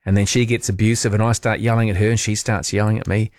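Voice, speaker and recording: A man's voice: on the low side, fast, dry recording. Nz guy on overnight talk radio, laid back and jokey, dead dry studio sound. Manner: relaxed, chatty, self-deprecating. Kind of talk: late-night radio, reading listener texts. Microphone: studio microphone.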